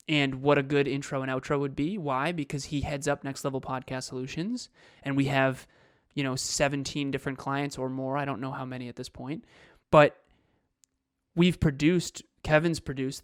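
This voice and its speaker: A man's voice: fairly high pitch, dry recording, studio quality. A man co-hosting a podcast, explaining his ideas earnestly with examples. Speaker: podcast co-host. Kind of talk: casual podcast talk.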